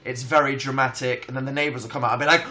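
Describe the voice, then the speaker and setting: A young Englishman hosting a livestream from home, telling stories in an animated, self-mocking and dramatic way. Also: mid-range voice, rapid-fire. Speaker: livestream host. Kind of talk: casual storytelling chat. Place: home, indoors.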